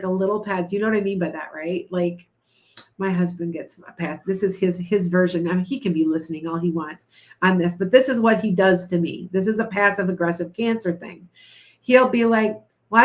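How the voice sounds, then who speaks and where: A middle-aged woman, a tarot reader, chatting casually with live-stream viewers, blunt and quick to laugh. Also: medium pitch. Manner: blunt, chatty, laughs often, reads viewer comments aloud.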